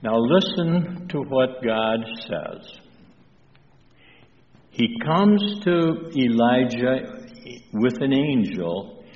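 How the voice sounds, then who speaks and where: Slow, halting man preaching in a hall. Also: mid-range voice. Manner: slow, halting delivery with many pauses and fillers; asks the congregation questions. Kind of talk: sermon. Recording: distant, dull echoey hall with faint noise.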